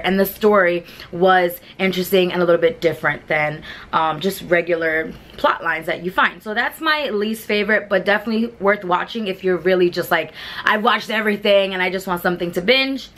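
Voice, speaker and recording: A woman's voice: on the low side, brisk, hardly any pauses, a bit bright. A woman, chatting casually and rambling through a review of television shows, full of fillers and restarts. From New York. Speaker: beauty vlogger.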